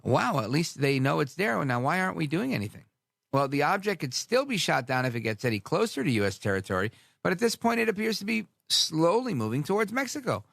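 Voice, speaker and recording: A man's voice: on the high side, a little fast, gravelly, no echo, clean studio sound. A man hosting a talk radio show, delivering a sarcastic, rambling monologue full of asides. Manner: sarcastic, animated, drifts into asides.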